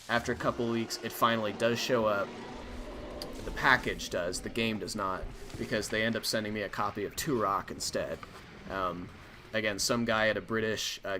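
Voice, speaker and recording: Low-voiced man rambling on a stream. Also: sharp tone, a little hiss or hum. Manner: rambling, with many fillers and restarts. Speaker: stream host. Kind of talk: casual storytelling on a game stream.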